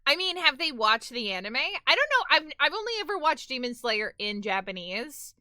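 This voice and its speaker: A woman's voice: high-pitched, very animated, moderate pace, pushed and bright, dry recording, clean studio sound. A woman with a New York accent chatting casually on a live stream, rambling and filling her talk with "like".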